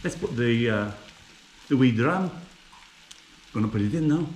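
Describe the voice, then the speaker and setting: A man's voice: mid-range voice, expressive, measured pace, darkish tone, echoey room, slight background noise. A man from England chatting casually to his viewers while he cooks on the hob at home, with food sizzling in the pan. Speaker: cooking vlogger. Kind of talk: casual cooking vlog. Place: home kitchen. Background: frying and sizzling from the hob.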